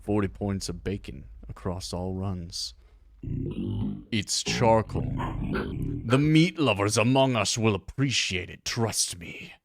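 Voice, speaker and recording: Stern chicken principal judging your cooking , a guy putting on the voice, low and hushed, curt and snooty. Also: slow, vocal fry, slight background noise.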